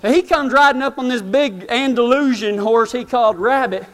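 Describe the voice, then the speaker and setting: High-voiced folksy man in a reverberant hall. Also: moderate pace, a bit bright. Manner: folksy, self-mocking, drawling rural speech. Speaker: speaker telling a story to a live audience. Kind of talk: humorous storytelling.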